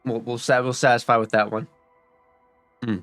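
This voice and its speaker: A man's voice: medium pitch, flat delivery, normal speed, fairly bright tone, dry recording. A young man talks his way through a game in loose, rambling commentary, cursing freely and tripping over his own restarts. His voice sits in a middle register and sounds close and dry, with faint music playing underneath. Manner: rambling and profane, with many fillers and restarts. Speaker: gaming streamer. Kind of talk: casual gaming commentary.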